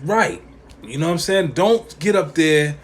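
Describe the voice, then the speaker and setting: A man hosts a podcast in an opinionated rant, his voice a little high and animated but unhurried. He speaks emphatically in profane slang, repeating lines to hammer his point home.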